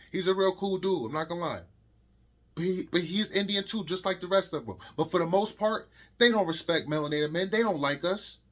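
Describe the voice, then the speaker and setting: High-voiced man on a heated rant. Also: a bit bright. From Connecticut, US. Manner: heated and preachy, frequent restarts and repeated "man". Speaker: vlogger. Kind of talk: opinion rant to camera.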